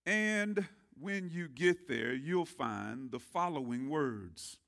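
A man preaching a sermon as pastor, calling on the congregation to answer back and swinging from quiet murmurs to loud rising shouts. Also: a little high, expressive, takes it slowly, gravelly. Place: church sanctuary.

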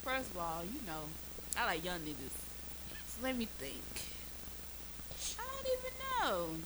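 A woman's voice: on the low side, wildly swooping pitch, measured pace, noisy background. A woman with a Southern US accent in casual chat, brash and crude, full of laughing banter.

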